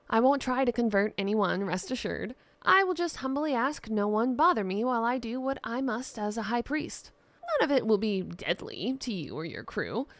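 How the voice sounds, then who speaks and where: A woman's voice: fairly high pitch, dry recording. A woman voicing a theatrical male jester and priest who talks in playful, rambling banter.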